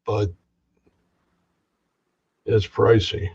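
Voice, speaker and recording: Low-voiced man on a dull line. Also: level tone, gravelly, darkish tone, breathy edge. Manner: halting, with frequent restarts. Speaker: interviewer. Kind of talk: casual remote interview.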